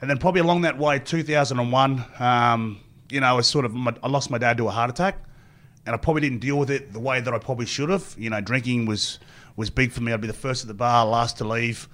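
A middle-aged Australian man speaks as an interview guest, telling long stories at a quick clip. His voice sits in an ordinary middle range. He rambles from one anecdote to the next and acts out what other people said. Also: medium pitch, fairly even intonation, a bit bright. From Queensland, Australia. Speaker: guest, former rugby player. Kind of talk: storytelling interview.

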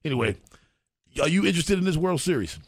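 A male sports radio co-host with a gravelly edge, chatting casually and breaking into laughter. His pitch swings widely as he rambles through the talk. The sound is dry and close on a studio mic. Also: animated, fast, no room sound.

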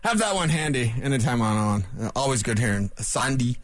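Animated, wisecracking sports radio man. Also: mid-range voice, fairly quick, dry recording. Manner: animated, wisecracking, rambling asides. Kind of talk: sports talk radio rant. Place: radio studio.

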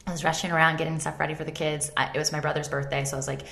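A low-pitched woman host with a bright, forceful tone, talking in an easy, chatty way. She keeps affirming her guest as she goes. The room gives her voice a noticeable echo. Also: flat delivery, rapid-fire, vocal fry. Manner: chatty, backchannels often, affirming. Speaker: podcast host. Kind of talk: casual conversational interview. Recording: roomy echoey sound.

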